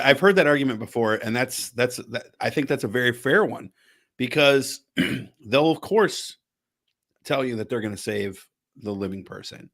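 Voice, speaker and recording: A man hosting a casual podcast in a mid-pitched voice. He rambles and circles back on his phrases as he works through his thoughts. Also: lively intonation, normal speed. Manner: rambling, restarts phrases, thinks out loud. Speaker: podcast host.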